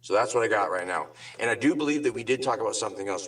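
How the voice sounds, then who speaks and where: A man's voice: lowish voice, rapid-fire, a bit bright, slightly rough, far from the mic, low-quality recording. A man on a talk show ranting angrily and sarcastically, swearing constantly in loose slang. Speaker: guest on a drama talk show. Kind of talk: heated profane rant.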